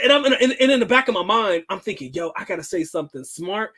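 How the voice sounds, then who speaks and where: A man's voice: high voice, fast talker, hardly any pauses. Profane, slangy man telling a story. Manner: animated, profane, slangy storytelling with acted-out quotes. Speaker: livestream host. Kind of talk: casual storytelling livestream.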